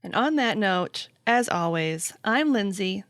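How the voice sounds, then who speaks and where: A woman's voice: mid-range voice, lively intonation, measured pace, a bit bright, dry recording, studio quality. A woman hosting a podcast, chatting casually and playfully with her guest. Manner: playful, acts out silly voices in jokes. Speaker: podcast host. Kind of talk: casual chat.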